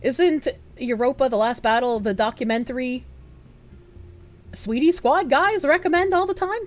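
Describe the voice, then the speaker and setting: A woman's voice: high voice, moderate pace, soft background music. A young woman with a Boston accent, chatting bluntly and with plenty of profanity as she reads out her stream chat. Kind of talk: casual livestream chat.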